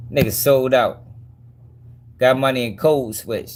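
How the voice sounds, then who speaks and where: A man's voice: mid-range voice, a little slow, long pauses, a little hiss or hum. A man hosting a commentary channel, reacting to clips in a mocking, profane way with frequent laughs.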